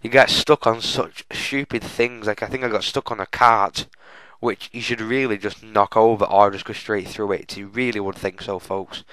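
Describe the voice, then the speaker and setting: A man's voice: on the low side, fairly even intonation, normal speed, fairly bright tone, smooth, no room sound, low-quality recording. A young man giving chatty, self-mocking walkthrough commentary on a game, often addressing viewers as folks. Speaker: gaming channel host.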